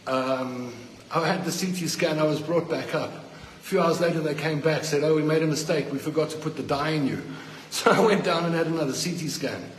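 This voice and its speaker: A man's voice: a little high, fairly quick, slight background noise. Furious South African man ranting. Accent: South African English. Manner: indignant, accusing, fired up. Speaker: hospital patient filming. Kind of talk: angry phone video rant. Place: hospital ward, indoors. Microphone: phone held by the speaker. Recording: echoey hospital ward on phone.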